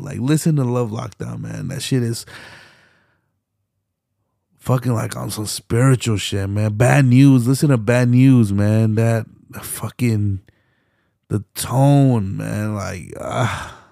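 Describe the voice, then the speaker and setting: A man's voice: medium pitch, slow pace, creaky, a little mellow, no room sound, studio quality. A young man hosting a solo podcast, rambling passionately with lots of fillers, restarts and swearing. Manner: swears often. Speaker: podcast host.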